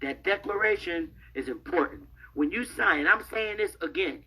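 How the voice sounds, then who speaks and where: A woman's voice: on the low side, animated, moderate pace, pushed and bright, slightly rough, rough recording. A woman in a played clip, speaking in a rallying, affirming way.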